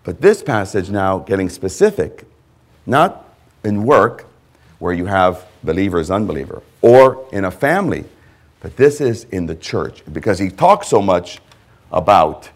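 A male pastor preaching a sermon, emphatic, with repeated phrases and swings between loud and hushed delivery. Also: deep voice, very animated, unhurried.

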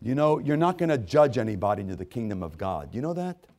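A man preaching a sermon, swinging from hushed, intimate storytelling to loud, rising exhortation. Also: very animated, fast. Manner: dramatic swings from hushed to booming. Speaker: pastor.

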